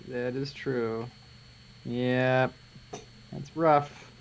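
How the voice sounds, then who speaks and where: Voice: mid-range voice, a little mellow, muffled recording. A live stream co-host bantering casually during a miniature-painting session, joking and laughing often.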